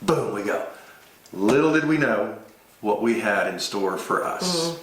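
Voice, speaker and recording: A man recounting a wild cab ride abroad as an expat, telling it with animated energy and vivid sound effects. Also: lowish voice, a little slow, slight background noise. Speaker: expat storyteller. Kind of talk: casual travel storytelling. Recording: roomy echoey room.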